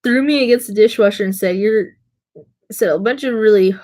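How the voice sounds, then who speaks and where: A woman's voice: mid-range voice, quick pace, a little mellow. A young adult woman streaming to her viewers, with an ordinary mid-range voice. She rambles from one story to the next, mocks herself and laughs as she talks. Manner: rambling, self-mocking, laughs through her stories. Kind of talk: casual storytelling.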